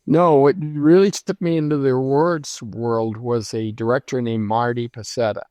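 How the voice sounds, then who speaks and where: A man in his seventies, a guest in an interview, telling stories from his career in a reflective, unhurried way with many pauses and restarts. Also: mid-range voice, fairly even intonation, warm tone, no room sound. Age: 70s. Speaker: lighting designer guest. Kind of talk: conversational interview storytelling.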